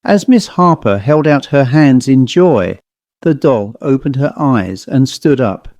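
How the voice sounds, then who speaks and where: A man narrating a horror story in a measured, dramatic manner. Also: medium pitch, lively intonation, darkish tone, no echo.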